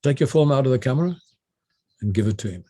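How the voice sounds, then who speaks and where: A man's voice: medium pitch, lively intonation, fast talker, warm tone, slightly rough. An older South African man voicing a stern, commanding American woman who gives clipped orders.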